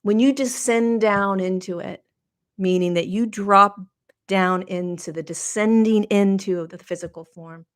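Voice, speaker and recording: A middle-aged woman hosting a podcast, speaking slowly in a reflective spiritual monologue, halting and emotional as she searches for words. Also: mid-range voice. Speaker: podcast host.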